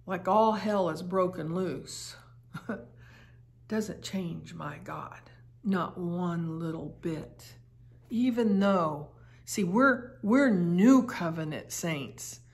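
Slow, earnest woman teaching Bible study. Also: lowish voice. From United States. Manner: earnest, emphatic, repeats phrases.

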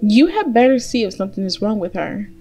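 A woman's voice: medium pitch, sing-song, brisk, warm tone, faint music behind. A woman voicing a grown male huntsman in a read-aloud fairy tale, firm and determined.

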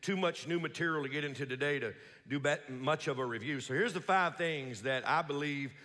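A man preaching a Sunday sermon as pastor, calling for amens and repeating key words slowly for emphasis. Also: a little high, sharp tone. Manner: preaching with call-and-response, slow emphatic repetitions. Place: large church sanctuary. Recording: long hall reverb.

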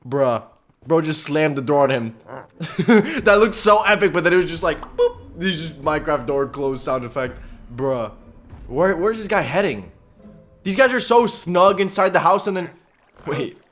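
Male reaction YouTuber: excitable, slang-heavy, animated delivery in a slightly high register. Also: moderate pace, faint music behind. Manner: excitable, slangy, laughs often. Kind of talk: casual reaction commentary.

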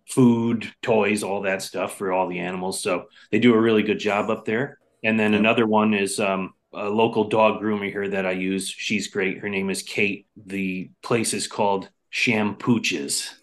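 Here a drummer talks casually as a podcast guest at home in the Hudson Valley, New York area. Fairly low and fairly flat in pitch, he keeps a measured pace, replying in a loose, hesitant manner with plenty of filler words.

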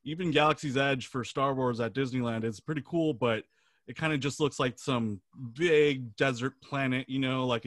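A man's voice: mid-range voice, no echo, studio quality. A man hosting a casual gaming podcast, chatty and rambling, laughing easily. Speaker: podcast host. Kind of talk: casual chat.

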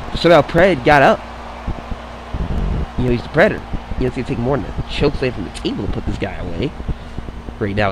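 A man giving casual play-by-play commentary on a wrestling video game match, excitable and swearing, drifting into rambling asides. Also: mid-range voice, a little hiss or hum, poor audio.

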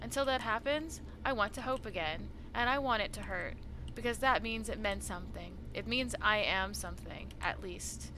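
A woman reading aloud the lines of a weary, moody young female cat in a game, in a low, heavy tone. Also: normal speed, noisy background, natural voice. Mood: grim resolve.

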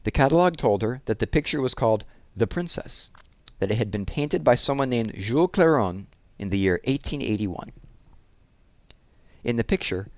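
A man narrating a children's novel in a measured, expressive storybook style. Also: mid-range voice, no echo. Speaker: audiobook narrator.

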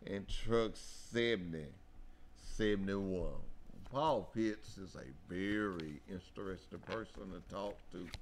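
A man hosting a local radio talk show, folksy and excitable, often repeating himself. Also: lowish voice, a little hiss or hum.

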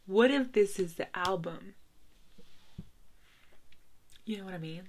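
A woman of twenty-five giving casual reaction commentary from her bedroom at night, gushing and giggling, often sinking to a hushed whisper. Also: mid-range voice, moderate pace, few pauses, soft background music. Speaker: video creator reacting to a music video.

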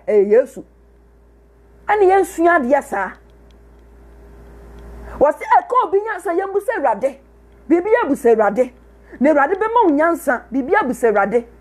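A woman with a Ghanaian accent delivers a sermon in a high, bright register. She hammers points home through repetition and slides easily between Twi and English phrases. Her delivery is that of a prophetess addressing her congregation. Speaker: prophetess and preacher.

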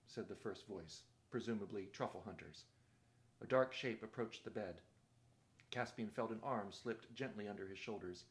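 A man reading a novel aloud in a steady, measured narrating voice. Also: lowish voice. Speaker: reader.

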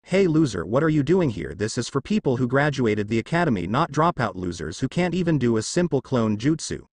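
A man's voice: mid-range voice, sing-song, brisk, no echo. A man reading the part of an arrogant, bullying teenage ninja boy who sneers and makes demands. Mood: arrogant, sneering.

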